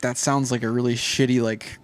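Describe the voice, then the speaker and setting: A man's voice: mid-range voice, little pitch movement, brisk, clear, resonant tone. A man co-hosting a podcast in casual chat, talking hesitantly with many fillers and second-guesses. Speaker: podcast co-host.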